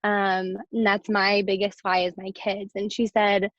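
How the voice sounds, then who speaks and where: A woman talking on a video call from her car, earnest and emotional with halting restarts. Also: mid-range voice, flat delivery, a bit bright, dry recording. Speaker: team member sharing on a call. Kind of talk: casual group video call. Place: parked car. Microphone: phone or laptop on a video call. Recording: dull dry call audio.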